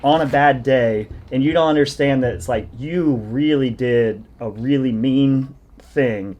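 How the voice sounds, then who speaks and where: A man's voice: mid-range voice, unhurried, highs cut off. A man hosting a podcast, a fitness coach telling long self-deprecating stories in casual conversation. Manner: rambling, self-deprecating storytelling.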